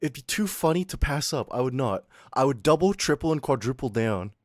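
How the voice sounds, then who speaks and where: A young man streams and talks straight back to his chat. His pitch leaps up and down all over the place, and he swears and laughs loudly. The voice is close and dry, with no room sound. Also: fairly quick, no room sound. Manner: loud, swearing, laughing, animated ranting. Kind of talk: casual stream chat reading chat.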